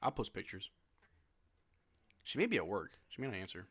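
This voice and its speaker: A young man from Louisiana hosting a casual sports watch-along stream, tossing off answers to chat questions between quick laughs. His pitch rises and falls a lot, and his tone is bright and forward. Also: sing-song, husky. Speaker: livestream host.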